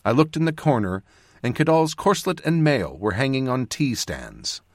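Guy reading his fantasy audiobook, lively up and down delivery, dry close mic. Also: mid-range voice, dry recording. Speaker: author and narrator. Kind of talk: scripted audiobook narration.

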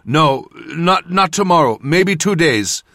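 A man's voice: on the high side, lively intonation, slow pace, gravelly, a bit bright, dry recording, clean studio sound, pitched above the performer's own voice, heavily acted. A man voicing a winded, rueful fighter. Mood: panting. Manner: panting, rueful. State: out of breath. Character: worn-out male southern fighter, good-natured.

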